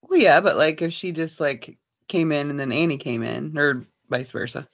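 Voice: medium pitch, moderate pace, gravelly, dull audio. A podcast co-host chatting casually, blunt and opinionated, with some swearing. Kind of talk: casual chat.

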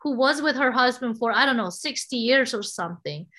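A woman in her forties in casual conversation, an expressive and animated storyteller. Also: a little high, brisk. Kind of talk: casual conversation about relationships.

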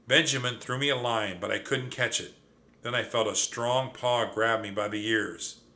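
A man reads a children's storybook aloud in an expressive, animated way. He has a mid-range voice and speaks at normal speed.

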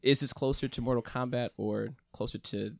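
A young man hosting a casual podcast, upbeat at the intro and relaxed and joking in the chat. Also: mid-range voice, brisk, vocal fry, no room sound. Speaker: podcast host.

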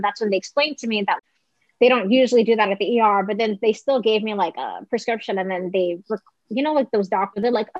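A young woman telling a personal story in casual conversation, talking fast and filling her speech with "like". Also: mid-range voice, no echo. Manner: chatty, heavy use of "like", quick quoted asides. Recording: slightly dull close dry recording.

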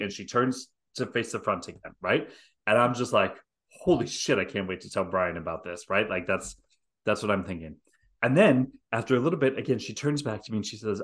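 A man's voice: on the low side, a little fast. A middle-aged man hosting a podcast, telling a story with lots of swearing and acted-out voices. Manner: animated, profane storyteller acting out scenes. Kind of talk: storytelling chat.

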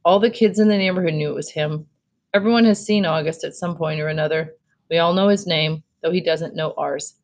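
A woman reading a children's novel aloud in an even, steady way as host of a read-aloud series. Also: sits low, brisk.

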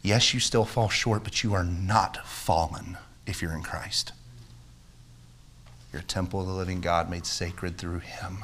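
A man's voice: low-pitched, steady tone, measured pace, a bit bright, slight background noise. A man preaching a sermon as pastor, earnest and emphatic, with repeated phrases and a closing prayer that builds in intensity. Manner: prays with rising intensity.

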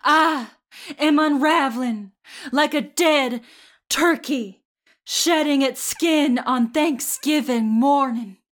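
A woman voicing a fanatical, doom-preaching religious mother in her middle years, with a mild Southern accent, delivered slowly and theatrically. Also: high-pitched. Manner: slow, theatrical, preaching delivery with shouted lines.

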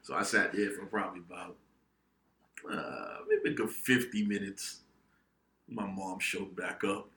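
Very bright-voiced man telling a profane story. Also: deep voice, measured pace, vocal fry, pauses often. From New England, United States. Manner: profane, animated storytelling with acted-out outbursts. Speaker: podcast co-host. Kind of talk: casual storytelling among friends. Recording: echoey room.

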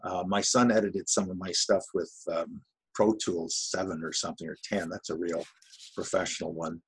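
A man with a very low voice that has a gravelly, husky edge. He talks in a relaxed, anecdotal way as an interview guest, with a dry, wry humor. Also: normal speed, poor audio. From Canada, Ottawa area. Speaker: voice actor guest. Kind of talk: casual interview talk.

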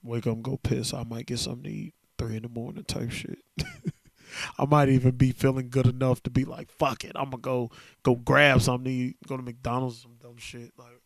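A man's voice: medium pitch, little pitch movement, brisk, creaky, no room sound. Candid man talking into a podcast mic. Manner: candid, loose and conversational, slangy. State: emotional, worn down. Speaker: podcast host. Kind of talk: casual solo podcast monologue.

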